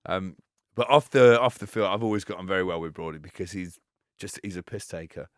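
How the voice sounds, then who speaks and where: Low-voiced English man telling stories. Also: fairly quick, dry recording, studio quality. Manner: storytelling, laughing, swearing, mimics others. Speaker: former England spin bowler, guest. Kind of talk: casual podcast chat.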